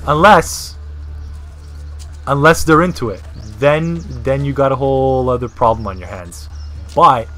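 A man's voice: medium pitch, a bit bright. A man casually commentating a video game, talking in a rambling, crude, profane way. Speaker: gameplay commentator.

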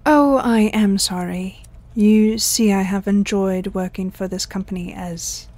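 Lady voicing a silly alien coworker in a storybook, goes high and giggly, totally childish. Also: fairly even intonation, unhurried, darkish tone. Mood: playful. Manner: juvenile, giggly.

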